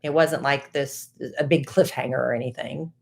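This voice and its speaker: A woman co-hosting a casual podcast chat and reading an ad, jokey and quick to laugh. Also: extremely low pitch, fairly even intonation, gravelly. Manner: chatty, laughs often, jokey. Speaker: podcast co-host. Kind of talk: casual chat and host-read ad.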